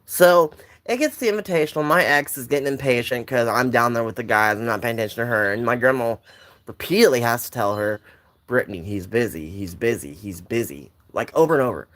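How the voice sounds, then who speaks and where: A man's voice: mid-range voice, fast, a bit bright. A young man telling a personal story in a casual, rambling way, with lots of restarts and side notes. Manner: rambling, with many restarts and asides.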